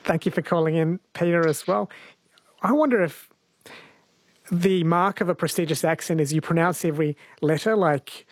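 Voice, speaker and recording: A woman's voice: fairly low pitch, normal speed, no room sound. A woman hosting talkback radio, thanking callers and asking short, friendly questions. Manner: friendly, brief questions and acknowledgements. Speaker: radio host.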